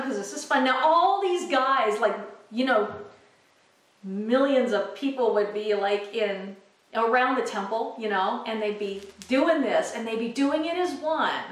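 A woman teaching children in a chatty, animated way, full of asides and fillers. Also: sits high. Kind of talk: informal teaching video for kids. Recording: echoey room, mic far off.

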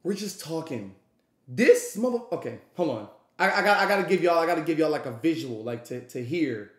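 A man telling a story to a live audience, animated and profane, acting out the people in it. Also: a little high, a little fast, reverberant. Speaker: streamer.

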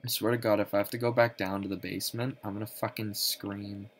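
A young woman playing a horror game, panicky and swearing a lot, swinging from low mutters to high shrieks. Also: fairly even intonation, a little fast, a little hiss or hum. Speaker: gaming channel host. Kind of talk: horror game let's play commentary.

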